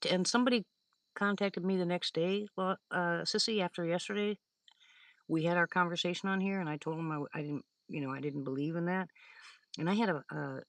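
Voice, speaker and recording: A woman's voice: on the low side, a bit bright, no room sound. An older woman hosting a live stream, rambling through stories in casual chat with her viewers, laughing often. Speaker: livestream host.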